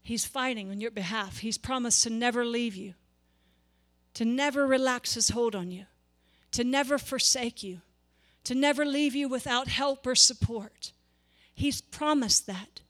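Bright, high-voiced woman preaching a sermon. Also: measured pace. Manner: passionate, rising to emphatic peaks, repeats words.

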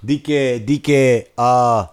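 A man's voice: mid-range voice, takes it slowly, clean tone. A man from the North Bronx with a Bronx accent, co-hosting a casual podcast, telling profane stories and joking around. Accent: Bronx New York. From North Bronx, New York. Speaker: podcast co-host.

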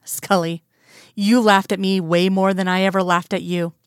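Teasing wry male agent Mulder voiced by a woman, smooth clear tone, dry close sound. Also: mid-range voice, level tone, moderate pace, no echo, close to an everyday voice.

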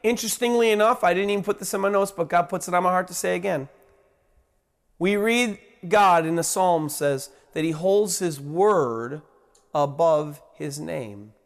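A man preaching a sermon as a pastor, reading scripture and building to emphatic rises before dropping to a quiet hush. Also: sits high, measured pace, creaky, long reverb tail.

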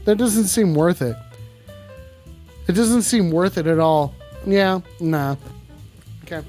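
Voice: mid-range voice, takes it slowly, warm tone, faint music behind. A streamer in casual live-stream chat, reading out chat messages and teasing the audience in a profane, jokey way.

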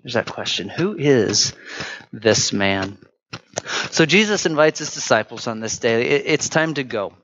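A man's voice: mid-range voice, animated, unhurried, a bit bright, a little hiss or hum. Conversational male pastor, lo-fi sound. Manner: conversational, with frequent fillers and restarts. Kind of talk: sermon. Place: church.

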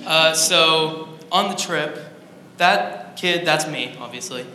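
Excited rambling man, very bright voice. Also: a little high, slow. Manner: excited, rambling with many fillers. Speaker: student sharing a testimony. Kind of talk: church testimony. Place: church sanctuary. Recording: echoey hall, faint noise.

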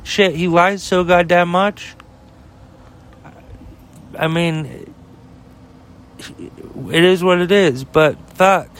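A man's voice: high-pitched, steady tone, very slow, pauses often, fairly bright tone, slight background noise. A man hosting a solo podcast, ranting in a heated, profane and rambling way, full of fillers and restarts. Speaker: podcast host.

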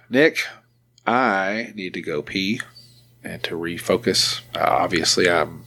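A man hosting a podcast, talking in an easygoing, profane way. His voice sits a bit low and has a gravelly, fry-edged texture. He laughs easily between remarks. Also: fairly bright tone. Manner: laid-back, swears freely, laughs often. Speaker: podcast host. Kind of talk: casual chat.

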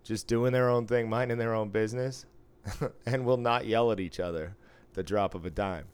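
A man from the US East Coast co-hosting a podcast in casual chat, hoarse from smoking and laughing, crude and quick to laugh. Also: fairly low pitch, fairly even intonation. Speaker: podcast co-host.

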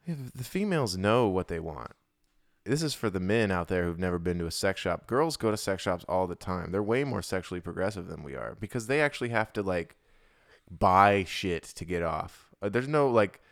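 Young man, low resonant voice, dry close sound, rambling vulgar podcast chatter. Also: expressive, moderate pace, no room sound. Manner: rambling, vulgar, breaks into mock rap singing. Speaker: podcast co-host. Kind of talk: crude comedic podcast banter.

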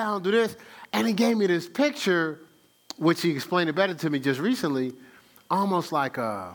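A man preaching a sermon in a folksy, conversational way, voice swinging high for emphasis and low for asides, with chuckles and repeated words. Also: bright, forceful tone. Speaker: pastor.

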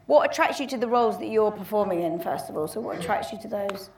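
A woman's voice: medium pitch, quick pace, a little mellow, recorded from a distance, a little hiss or hum. Woman asking questions, lots of um and yeah, roomy and a bit off mic. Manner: encouraging, with frequent "yeah" and fillers. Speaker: interviewer. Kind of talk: casual interview chat.

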